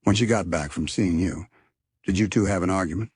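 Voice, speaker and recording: A man's voice: low voice, fairly quick, darkish tone, breathy edge, no echo, clean studio sound. A man voicing Missus Brown, a homely, motherly older farm woman who calls people love, in a storybook reading.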